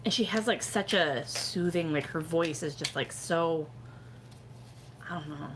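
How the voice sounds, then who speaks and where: A woman's voice: sits low, measured pace, noisy background. A middle-aged woman chatting casually on a live stream, rambling with lots of "like" and "you know" as she gives fortune readings.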